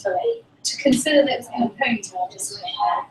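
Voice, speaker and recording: A young British woman with an American-tinged accent, chatting casually while getting ready for a live stream. She talks quickly and now and then drops to a whisper. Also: on the high side, expressive. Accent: British with an American twang. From Britain. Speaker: student host of a live stream. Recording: echoey room with faint noise.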